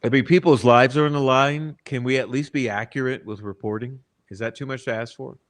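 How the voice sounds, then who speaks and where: A man hosting a true-crime channel speaks briskly with medium pitch and fairly even intonation. He addresses the chat directly, giving blunt, profane, exasperated commentary to his viewers.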